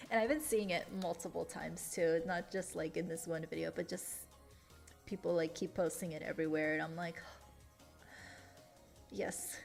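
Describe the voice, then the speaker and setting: A chatty young woman streaming from her desk. Her lowish voice has a gravelly, creaky edge, and she laughs often and gets emotional. Faint music plays quietly behind her. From Latin America. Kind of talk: casual stream chat.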